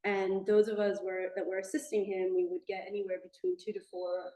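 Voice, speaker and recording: A woman speaking softly and thoughtfully at a memorial gathering in a yoga studio, sometimes pausing to restart a thought. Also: medium pitch, level tone. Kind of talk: casual personal reflection. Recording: roomy studio echo.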